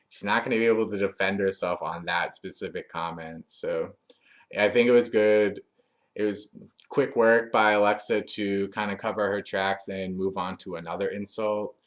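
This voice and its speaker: Low-voiced man casually recapping wrestling. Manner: chatty, loose, with frequent fillers and restarts. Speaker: wrestling show reviewer.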